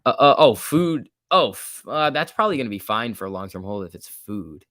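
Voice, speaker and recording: A man's voice: medium pitch, animated, fairly quick, a bit bright, no room sound, clean studio sound. A man casually commenting on a livestream and reading out chat, laid-back and chatty, laughing often. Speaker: stock market livestream host.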